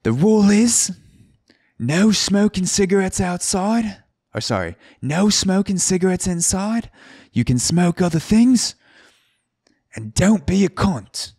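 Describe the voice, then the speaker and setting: A man putting on a rough Australian accent to play a brash, loud male bartender announcing bar rules. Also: big pitch swings, takes it slowly, no echo, clean studio sound, heavily acted. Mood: bossy. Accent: Australian, admittedly poor imitation. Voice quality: shouty, high and punchy.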